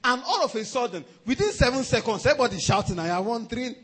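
A pastor preaches in a high, lively voice that leaps up and down. His tone is bright with a husky edge, and he chuckles often as he drives his points home. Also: racing. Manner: animated preaching, often chuckling, repeats "let me tell you". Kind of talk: sermon.

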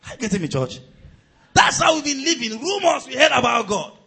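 A man preaching a sermon as pastor. His delivery swings between loud, shouted surges and quieter storytelling. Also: very high voice, sing-song, fairly quick, gravelly, slightly rough, poor audio.

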